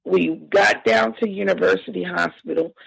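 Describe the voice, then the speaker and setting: A woman telling a painful family story as a podcast guest, halting and emotional with frequent restarts. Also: fairly low pitch, gravelly, a bit bright, husky, no room sound, rough recording. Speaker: victim's sister, interview guest. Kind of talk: personal account in a podcast interview.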